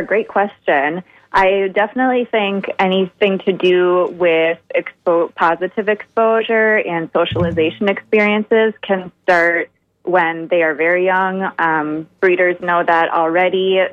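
A woman from Minnesota, a dog trainer, explaining upbeat and clear as a radio interview guest. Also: lowish voice, no echo, phone-quality sound.

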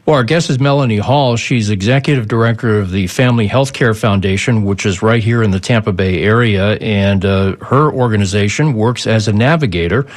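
A man's voice: lowish voice, a little fast, few pauses. A man hosting a call-in radio show, talking conversationally and often stammering and repeating words. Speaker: radio talk show host.

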